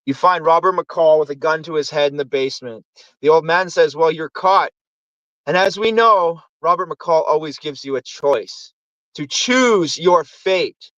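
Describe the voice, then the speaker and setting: A man's voice: on the high side, a little slow, fairly bright tone, no echo, muffled recording. A man hosting a casual movie review show, rambling through plots and acting out lines from the films. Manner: rambling, acts out movie quotes. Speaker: host.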